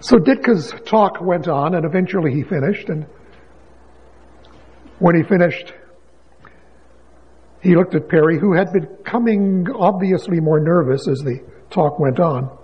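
A fairly high, very husky male voice preaching from the pulpit, relaxed and storytelling, then pressing hard with rising questions. His words ring out with a long reverb through a large church hall, and the sound is dull and lo-fi. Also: unhurried, long pauses. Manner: conversational storyteller, rises to emphatic questions. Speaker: pastor. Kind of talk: sermon with storytelling.

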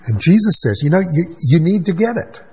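A man preaching a sermon as pastor, emphatic, with rhetorical questions and quick asides. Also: a little high, very animated, dark tone, breathy edge, rough recording.

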